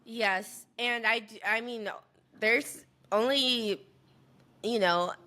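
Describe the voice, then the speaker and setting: A woman's voice: fairly high pitch, takes it slowly, pushed and bright. A woman co-hosting a podcast in casual chat, hedging and searching for her words as she talks. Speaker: podcast co-host.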